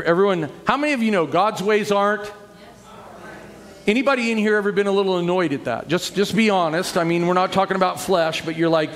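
High-voiced middle-aged pastor preaching. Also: male voice, big-room sound. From United States. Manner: animated, acts out quoted voices. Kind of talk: sermon.

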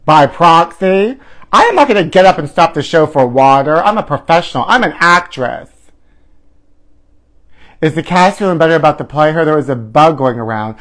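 Campy guy doing a live gossip stream at home, kinda high voice, dramatic mock outrage, calls everyone honey. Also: animated, a little fast, a bit bright. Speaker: host of a live celebrity gossip show.

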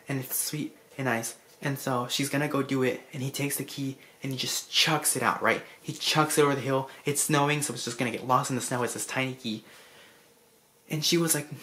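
A vlogger casually recapping a film in an effusive, rambling way, full of restarts and asides, clearly moved by the story. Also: medium pitch, steady tone, fairly quick, a bit bright, a little hiss or hum. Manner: emotional about the story.

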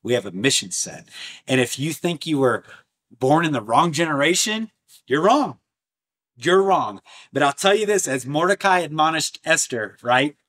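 A man preaching an impassioned sermon, animated and emphatic, swinging between loud bursts and low, intense passages with lots of repetition. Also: normal speed. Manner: repetitive, rhetorical, martial imagery.

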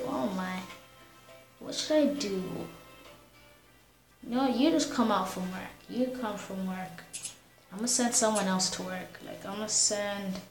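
A woman's voice: medium pitch, roomy sound, low-quality recording. Slangy woman chatting over a game. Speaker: gamer. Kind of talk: casual game commentary.

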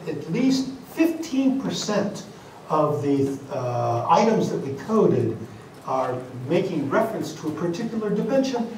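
Male conference lecturer, slightly high voice, deliberate delivery with fillers, recorded from a distance in a reverberant hall. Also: a little mellow, a little hiss or hum. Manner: deliberate, with frequent fillers and restarts. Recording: echoey hall, mic at a distance, faint ambience.

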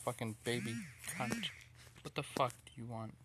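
A man's voice: mid-range voice, big pitch swings, moderate pace, bright, forceful tone, slightly rough, poor audio. A man giving casual gameplay commentary, irritated, cursing and rambling as he plays. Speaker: gamer playing a survival game.

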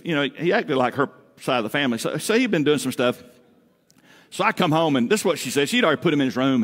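A male pastor preaching a Father's Day sermon, telling homey stories with humor and swinging between loud emphatic rises and quiet drops. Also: mid-range voice. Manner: folksy storytelling with humor. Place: church sanctuary. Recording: echoey church hall.

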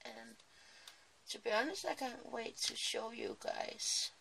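Woman, crafting vlogger, bright gravelly voice, sleepy rambling chat, small home craft room. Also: a little high, huge pitch swings, takes it slowly, a little hiss or hum. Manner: chatty, rambling, apologetic asides. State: sleepy, early morning. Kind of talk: casual chat while crafting.

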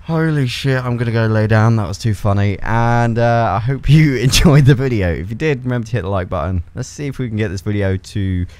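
A young man giving excitable gameplay commentary, laughing a lot and swearing freely. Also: lowish voice. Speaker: gaming YouTuber.

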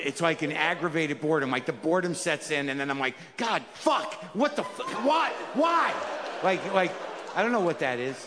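A man's voice: medium pitch, noisy background. Man doing stand-up in an echoey club. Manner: conversational, exasperated rants with mock voices. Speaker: stand-up comedian. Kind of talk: stand-up comedy set.

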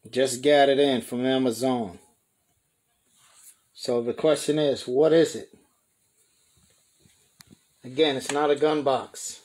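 A man hosting a pigeon show live stream, chatting excitedly with viewers and greeting them by name. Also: medium pitch, takes it slowly, long pauses.

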